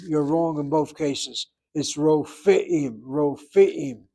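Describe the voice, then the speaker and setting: A man teaching a Hebrew class, explaining pronunciation and slowly repeating words for students to copy. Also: a little high, a little mellow. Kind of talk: classroom lecture.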